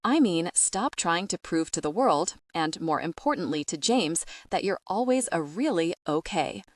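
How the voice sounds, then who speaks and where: A woman reading the lines of a huge, blunt male bodyguard, keeping the words short, grunted and flat. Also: fairly low pitch, moderate pace, no echo, studio quality. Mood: terse. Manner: grunting, terse.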